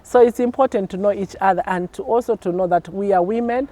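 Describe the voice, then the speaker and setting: A middle-aged woman pastor, teaching on a TV talk show, lively and laughing as she acts out quotes. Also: medium pitch, quick pace, a little hiss or hum.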